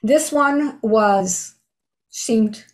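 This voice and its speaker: A woman's voice: a little high, drawn-out words. A woman in her sixties telling a personal spiritual experience in a casual, earnest and heartfelt way. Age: 60s. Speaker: storyteller sharing a spiritual experience.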